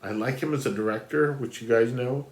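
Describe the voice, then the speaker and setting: A man's voice: mid-range voice, brisk, reverberant. A man reviewing films in casual, rambling talk full of fillers and restarts, sounding stuffy and nasal. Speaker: film blogger ranking films. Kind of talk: casual spoken film review.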